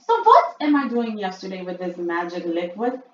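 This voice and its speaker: A woman's voice: very animated, normal speed, natural voice. A woman voicing the imperious female witch leader from a storybook in an emphatic, commanding way. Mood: gloating. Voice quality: shrill, loud and emphatic. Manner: read-aloud storybook acting. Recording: muffled, echoey room.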